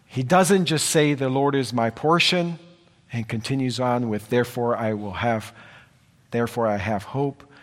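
A man's voice: mid-range voice, a little slow. A man preaching a sermon in an earnest way, repeating phrases for emphasis. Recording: long hall reverb.

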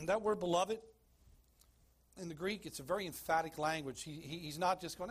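A man's voice: high-pitched, a little fast, breathy edge. A man preaching a sermon as pastor of a church, emphatic, asking the congregation questions and calling for slides.

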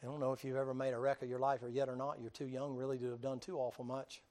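A man preaching a storytelling sermon, folksy and animated, acting out voices and breaking into sudden loud bursts. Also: medium pitch, quick pace.

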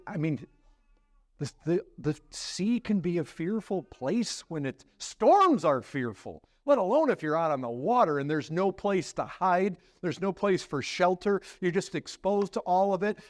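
A pastor preaching a sermon tells a story vividly, dropping low and quiet before building in intensity. He puts rhetorical questions to the congregation.

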